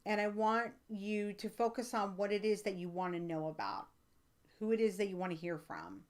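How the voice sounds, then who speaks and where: An American woman hosting a live stream as a psychic reader, chatting casually with viewers, rambling with many fillers and turning emphatic when excited. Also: mid-range voice, normal speed. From United States. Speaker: livestream host and psychic reader. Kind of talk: casual livestream chat, answering viewer comments.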